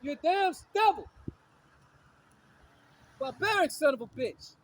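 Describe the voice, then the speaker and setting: A man's voice: very high-pitched, animated, takes it slowly, low-quality recording. A man preaching in a confrontational way, reading scripture aloud, repeating his lines and hurling insults. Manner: repetitive, insulting, shouts lines again and again. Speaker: street preacher.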